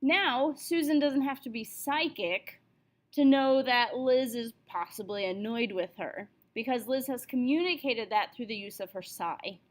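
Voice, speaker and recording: Higher-voiced woman teaching a writing lesson. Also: measured pace. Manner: explanatory, reads example passages aloud.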